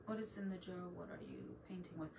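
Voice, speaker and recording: Her voice is lowish and gravelly, and she talks fast: a middle-aged woman casually hosting a DIY craft livestream, chatting with viewers and laughing a lot while working. The mic is somewhat far away, with faint background noise.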